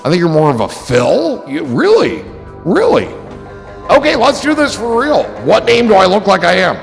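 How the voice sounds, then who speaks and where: A man's voice: high-pitched, huge pitch swings, moderate pace, vocal fry, long reverb tail, soft background music. A man hosting a livestream in casual chat, rambling and joking with a loose, swearing manner. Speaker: livestream host.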